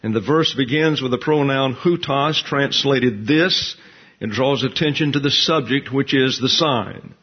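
A man gives an expository Bible lesson at a measured, deliberate pace, slowing further whenever he reads a verse aloud. His voice sits at an ordinary middle pitch. The recording sounds a little dull and muffled. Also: breathy edge. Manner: measured, deliberate, slows to read scripture aloud. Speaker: pastor.

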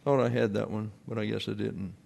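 A man's voice: on the low side, fairly even intonation, a little fast, gravelly, darkish tone, slightly rough. Guy teaching bible class, lots of "okay", lays out terms one by one. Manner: didactic, repeats "okay" and explains terms step by step. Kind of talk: sermon.

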